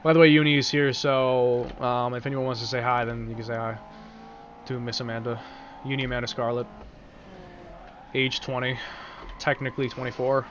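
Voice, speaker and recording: A man's voice: mid-range voice, little pitch movement, moderate pace, pauses often, highs cut off, noisy background. A man with a sore throat chatting casually and rambling while he streams a game. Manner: rambling, casual, swears freely. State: sore throat, speaking carefully. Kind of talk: casual live-stream chat while gaming.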